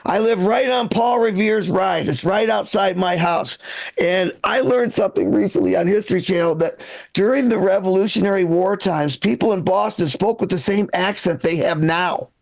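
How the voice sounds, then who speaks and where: A male stand-up comedian from Michigan works the crowd in a loose, profane way. His voice sits high with a gravelly, creaky edge. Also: moderate pace. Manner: casual, profane, chatting with the crowd. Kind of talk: live stand-up set.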